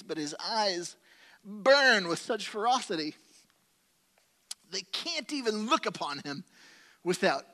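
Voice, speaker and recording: Guy preaching, bright kinda higher voice, tells it like a story w/ funny asides. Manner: storytelling, animated and self-deprecating, with quoted asides. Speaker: pastor. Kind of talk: sermon.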